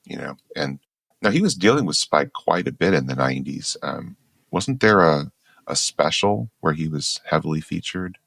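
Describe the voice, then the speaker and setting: Deep gravelly man musing on a podcast. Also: expressive, normal speed, a bit bright, no echo. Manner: musing, hesitant with fillers. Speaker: podcast co-host. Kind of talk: casual chat.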